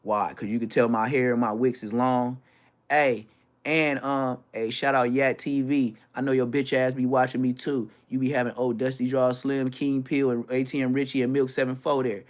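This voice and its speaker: A man from Florida, a YouTuber, ranting casually with brash, profane talk and quick mimicry of other people. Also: mid-range voice. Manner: animated, brash, swearing, mimics others' voices.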